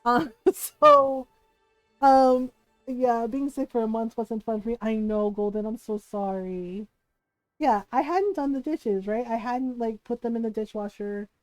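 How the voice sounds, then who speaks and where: A woman's voice: fairly high pitch, a little slow, no echo, faint music behind, poor audio. A woman streamer telling a family story in casual chat, swearing freely and tagging lines with "right?".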